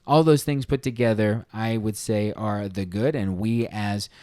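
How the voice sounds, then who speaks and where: A man's voice: lowish voice, steady tone, unhurried, warm tone, no echo, clean studio sound. A man hosting a podcast, retelling a book's story in a casual, earnest, conversational way. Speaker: podcast host reviewing a book. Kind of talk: casual spoken book review.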